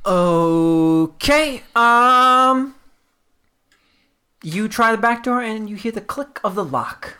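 Brief: playful game master, lively pitch, crisp bright tone. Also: slow. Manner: playful, giggly, descriptive. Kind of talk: narrating a tabletop game.

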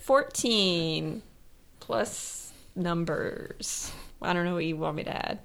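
A woman's voice: lowish voice, slow, gravelly, a bit bright, rough recording. A woman playing a tabletop game with friends, talking casually and asking unsure questions about the rules. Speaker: player.

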